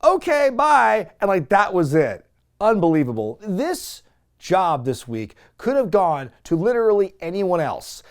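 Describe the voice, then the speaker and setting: A man hosting a wrestling review show, giving a casual, sarcastic, animated recap with some swearing. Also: sits high, measured pace.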